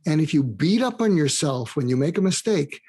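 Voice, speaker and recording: A man's voice: brisk, husky. An older man, a psychiatrist and author, telling stories in an interview and animatedly acting out quoted dialogue. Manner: animated storyteller, acts out quoted dialogue with rising pitch. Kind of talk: conversational storytelling interview.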